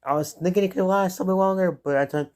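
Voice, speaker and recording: A man's voice: high voice, fast, a little mellow. A young man hosting a reaction video, chatting casually and rambling with many restarts.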